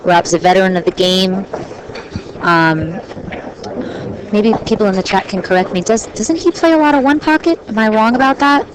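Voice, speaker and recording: A woman's voice: medium pitch, moderate pace. Chatty woman commentating pool, noisy audio. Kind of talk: live play-by-play commentary. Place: pool hall. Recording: noisy live-stream audio.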